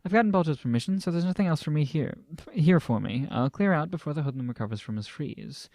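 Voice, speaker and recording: Brief: male hobby reader, slightly high voice, dry close mic, loose and stumbling delivery with asides. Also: animated, fast talker, a little mellow, dry recording. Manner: reads aloud with frequent restarts, laughs and joking asides. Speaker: amateur novel reader. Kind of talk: casual reading of a translated novel with asides.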